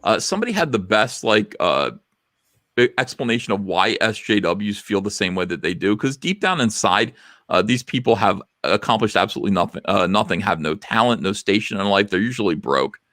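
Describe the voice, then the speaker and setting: A man's voice: fairly low pitch, lively intonation, fairly quick, fairly bright tone, no room sound, studio quality. A man hosting a casual livestream, reading posts aloud with sarcastic commentary that swings between muttering and outbursts. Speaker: livestream host.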